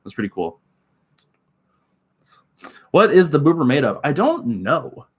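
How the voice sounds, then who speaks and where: A man's voice: fairly high pitch, very animated, measured pace, breathy edge. A man from Oklahoma chatting casually with live viewers on his stream, rambling, giggling often and leaning on filler words. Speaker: livestreamer.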